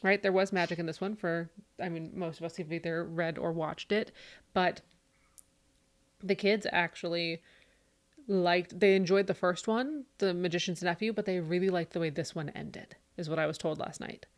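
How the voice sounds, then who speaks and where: A woman's voice: lowish voice, moderate pace. Chatty woman co-hosting a book podcast. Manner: chatty, animated storytelling, acts out her kids' voices. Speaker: podcast co-host. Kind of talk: casual chat.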